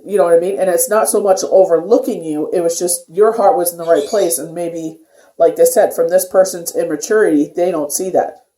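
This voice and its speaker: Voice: mid-range voice, fairly even intonation, a little fast, warm tone. A tarot reader giving a casual daily reading, rambling loosely with lots of filler phrases. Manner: rambling, filler-heavy talk with many "you know"s. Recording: echoey room.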